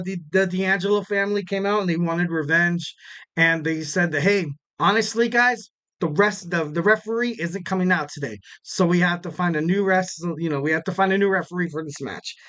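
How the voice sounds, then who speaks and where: Smooth-voiced young man rambling casually. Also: high voice, a bit bright. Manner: loose and rambling, many fillers, jokey asides with laughs. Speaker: podcast host. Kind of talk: casual solo wrestling recap.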